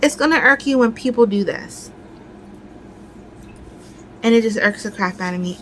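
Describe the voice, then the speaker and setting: A woman's voice: mid-range voice, fairly quick, a bit bright, slight background noise, poor audio. A woman crafting vlogger in casual chat, ranting with lots of fillers.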